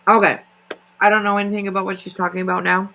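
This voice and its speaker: A woman's voice: medium pitch, level tone, quick pace, pushed and bright, poor audio. A woman hosting a casual livestream, chatty and filler-heavy, greeting viewers by name. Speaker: livestream commentary host.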